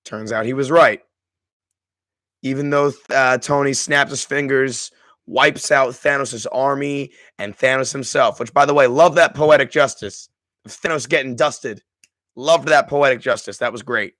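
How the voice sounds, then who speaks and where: A man's voice: mid-range voice, a little slow, a bit bright, no echo. A man hosting a live stream, talking through a film with his chat in an effusive, emotional way, with many restarts. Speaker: streamer and host. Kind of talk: live movie discussion with chat.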